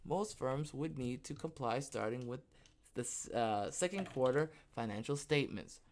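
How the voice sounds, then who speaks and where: A man hosting a podcast alone, reading a news story aloud with a jokey, rambling delivery, frequent "okay?" asides and sudden jumps in pitch and loudness. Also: normal speed. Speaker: podcast host.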